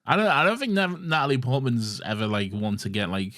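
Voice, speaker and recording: A man co-hosting a podcast, chatting in a relaxed, joking way and laughing often. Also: medium pitch, fairly quick. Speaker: podcast co-host. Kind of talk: casual film chat.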